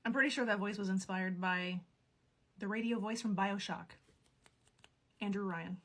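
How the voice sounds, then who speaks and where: A woman's voice: medium pitch, moderate pace, noisy background. A woman hosting a video, giving scripted narration with playful, wry asides. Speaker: video host.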